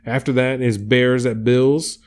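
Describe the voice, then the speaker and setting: A man's voice: mid-range voice, steady tone, measured pace. A man co-hosting a podcast, chatting casually and a bit profanely while he runs through his football picks and odds. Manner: profane, laid-back, reads off picks and odds. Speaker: podcast co-host. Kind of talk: casual sports chat.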